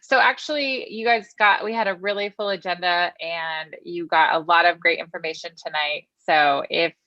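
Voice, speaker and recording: A woman's voice: fairly low pitch, fairly even intonation, normal speed, bright, forceful tone, dry recording. Upbeat woman on dull video call audio. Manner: chatty, upbeat. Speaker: library staff. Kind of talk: meeting report.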